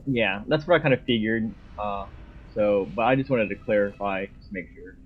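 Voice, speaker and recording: A man on a gaming voice chat, asking how to handle a fight in a loose, stumbling way. His voice is husky, and the lo-fi mic muffles it. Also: on the low side, normal speed. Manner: chatty, asks questions, stumbles and restarts. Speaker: raid member. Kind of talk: casual voice chat while gaming.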